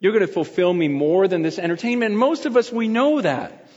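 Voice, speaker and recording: Middle-aged male pastor, chatty preaching between bites; slightly high voice, muffled recording in a reverberant hall. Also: animated, brisk, darkish tone. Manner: chatty, laughing, talks with his mouth full. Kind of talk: casual sermon filmed at a meal. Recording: dull sound with long hall reverb.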